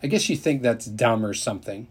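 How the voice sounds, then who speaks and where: A man voicing a plain-spoken country boy with a drawling, husky way of talking. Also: mid-range voice, fairly quick, natural voice.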